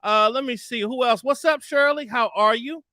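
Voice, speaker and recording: A man with a very high, bright voice hosts a live stream in a relaxed, slangy way. He greets viewers one after another, and the sound is close and dry with no room echo. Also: normal speed. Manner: laid-back, chatty, slangy shout-outs. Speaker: livestream host.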